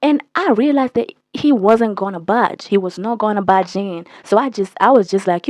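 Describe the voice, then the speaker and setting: A young woman telling a casual, profane storytime with a blunt, animated delivery. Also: mid-range voice, normal speed, no room sound. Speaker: storytime vlogger.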